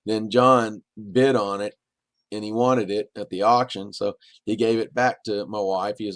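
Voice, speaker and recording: A man's voice: lowish voice, fairly even intonation, moderate pace, no echo. A middle-aged man, a podcast guest, telling long rambling stories in a casual, anecdotal way. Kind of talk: casual storytelling.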